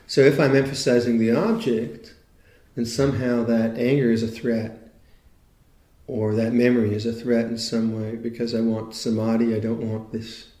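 A man, a meditation teacher, giving a reflective dharma talk in a thoughtful, unhurried, conversational way. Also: mid-range voice, mellow, reverberant.

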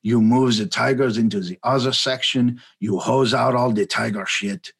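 A man voicing an unbothered older German tiger keeper with a heavy German accent, explaining in a halting, offhand way full of fillers. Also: mid-range voice, steady tone, vocal fry, breathy edge.

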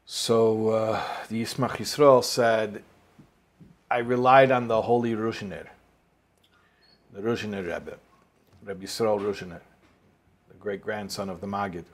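A man's voice: on the low side, steady tone, measured pace, pauses often. A man teaching a Torah class as a rabbi, telling a story and explaining it, with Hebrew and Yiddish words mixed in and rising emphasis.

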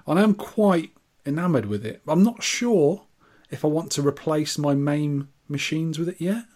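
A man's voice: a little high, animated, unhurried, darkish tone. A man co-hosting a podcast, chatting playfully and teasing his friend. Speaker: podcast co-host. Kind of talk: casual chat.

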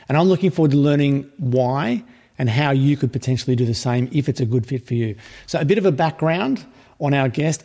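A man's voice: mid-range voice, mellow. A man hosting a podcast, reading promos and a guest introduction in an upbeat way. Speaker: podcast host.

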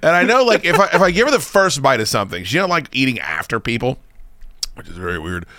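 A man hosting a podcast, telling stories in a casual, animated way and swearing often. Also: mid-range voice, fast. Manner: animated storyteller, swears freely, laughs a lot. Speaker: podcast host. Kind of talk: casual chat.

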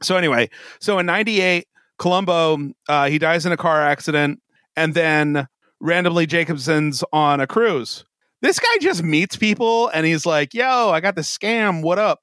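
A man's voice: a little high, lively intonation, normal speed, fairly bright tone, dry recording, clean studio sound. A tipsy man hosting a podcast, telling a crime story in a casual, swearing way and laughing often. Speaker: podcast host. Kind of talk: casual true-crime chat.

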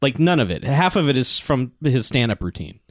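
A man in a casual movie review chat, talking in an animated, sarcastic, profane way. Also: mid-range voice, brisk, no room sound, clean studio sound. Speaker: podcast co-host.

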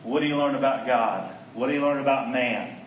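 A man giving a storytelling sermon as a conference speaker, animated and acting out the people in his stories. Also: medium pitch, fairly quick. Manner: animated storyteller who acts out quoted lines. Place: conference hall. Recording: echoey hall, mic at a distance, faint background noise.

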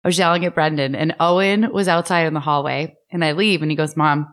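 A middle-aged woman co-hosting a casual podcast, reacting loudly and telling stories about her family. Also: low-pitched, quick pace. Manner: animated, exclaiming reactions. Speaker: podcast co-host. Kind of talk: casual chat.

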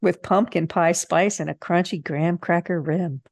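A woman's voice: lowish voice, creaky, a little mellow, no room sound. A woman co-hosting a podcast, chatting casually about a movie with easy amusement. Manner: chatty, amused, quick to laugh. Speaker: podcast co-host. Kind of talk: casual movie recap chat.

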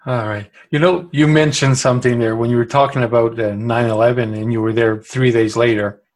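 A man hosting an interview, thoughtful and halting, with frequent restarts. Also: mid-range voice, fairly even intonation. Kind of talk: casual interview conversation.

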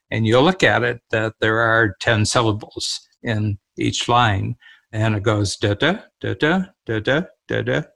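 A man's voice: fairly low pitch, vocal fry, a bit bright. An older man, a co-host, talking in a reflective, storytelling manner in a casual conversation.

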